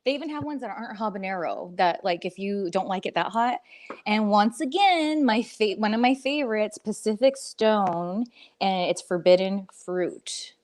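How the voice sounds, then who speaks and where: A woman's voice: medium pitch, expressive, normal speed. A middle-aged woman co-hosting a casual chat show, talking in a rambling way and laughing often. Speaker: co-host.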